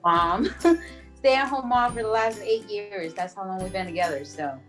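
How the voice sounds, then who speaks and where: A woman's voice: medium pitch, measured pace, soft background music. A woman in her thirties from Rhode Island, chatting easily with lots of ums and small laughs as a guest talking about her business. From Rhode Island, USA. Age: 30s. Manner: giggly, easygoing, lots of ums. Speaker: guest, screen-print business owner. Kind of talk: casual interview chat.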